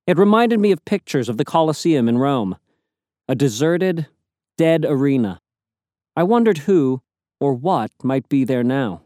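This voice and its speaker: A man narrating an audiobook in a measured storytelling manner. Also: on the high side, lively intonation, mellow, dry recording, studio quality. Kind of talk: scripted narration.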